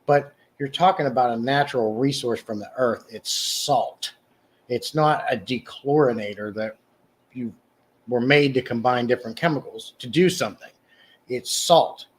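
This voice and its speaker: Man hosting a rambling livestream chat. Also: slightly rough. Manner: rambling, answers chat by name, many restarts; mock sales pitch, slow and emphatic. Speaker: livestream host. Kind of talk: casual live chat reading comments.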